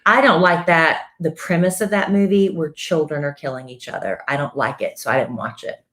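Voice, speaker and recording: Low-voiced Southern woman chatting. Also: a little fast, fairly bright tone. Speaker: co-host. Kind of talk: casual live-stream chat.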